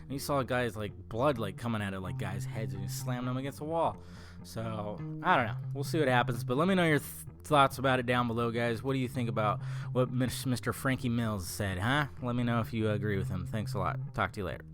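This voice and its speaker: A man talks through film news in a loose, rambling way, tripping over words and filling gaps with ums and uhs. His voice has a tired morning sound, and plucked guitar music plays clearly behind him. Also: medium pitch, fairly quick. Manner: rambling and chatty, many fillers and restarts. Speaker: film vlogger. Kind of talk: casual movie news chat.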